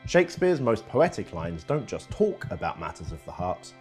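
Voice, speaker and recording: A man reading a scripted educational narration in a lively storytelling manner. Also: sits low, normal speed, soft background music.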